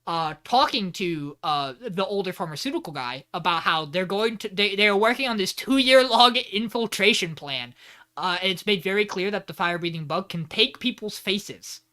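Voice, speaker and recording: A man hosting a podcast, casually recapping anime episodes in an animated, rambling way, swearing freely. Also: high-pitched, normal speed. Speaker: podcast host.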